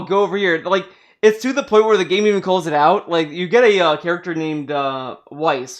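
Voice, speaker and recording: A man hosting a casual podcast, chatting about games in a rambling way full of fillers and restarts. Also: sits high. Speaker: podcast host.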